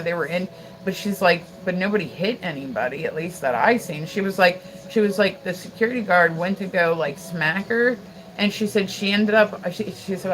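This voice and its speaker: A woman's voice: lowish voice, a bit bright, rough recording. A woman hosting a casual livestream, telling stories in a rambling way full of "like" and "you know", with faint noise behind her. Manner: rambling, filler-heavy storytelling with frequent "like". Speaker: livestream host.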